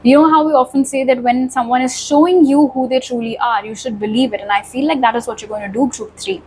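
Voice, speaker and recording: A woman's voice: high voice, steady tone, fast talker, a little mellow, slight background noise, low-quality recording. A woman giving a pick-a-card tarot reading, talking straight to viewers in a reassuring way. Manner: reassuring, addresses viewers directly. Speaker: tarot reader.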